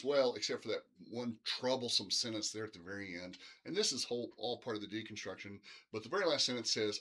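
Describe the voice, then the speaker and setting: A man's voice: fairly low pitch, a bit bright. A middle-aged man teaching literature in a casual, rambling recorded lecture, full of fillers like "uh" and "um".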